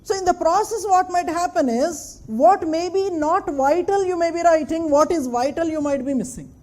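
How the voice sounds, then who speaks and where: A woman's voice: extremely high pitch, normal speed, darkish tone. A woman giving a classroom lecture, emphatic, repeating points and checking that her students follow. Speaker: anthropology lecturer.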